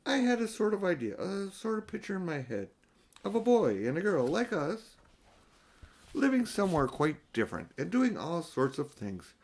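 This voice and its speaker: A dreamy, sensible young girl speaks in a high, lilting storybook voice, put on by an older man reading aloud. Her voice climbs well above a grown man's register and rises and falls as she talks. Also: wildly swooping pitch, moderate pace, a little mellow, heavily acted. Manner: dreamy, then urgent and practical.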